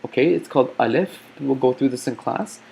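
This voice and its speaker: Man, teacher, gravelly voice, mid pitch, patient explanations, computer mic recording. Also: a little mellow. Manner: patient, explains slowly, frequent "okay?" check-ins. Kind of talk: recorded lesson over slides.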